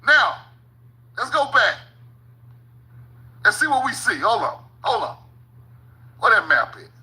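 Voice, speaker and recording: A man's voice: extremely high pitch, sing-song, measured pace, pushed and bright, poor audio. A man giving casual, profane commentary while reading maps aloud, often stopping with "hold on" and laughing at his own points. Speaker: channel host.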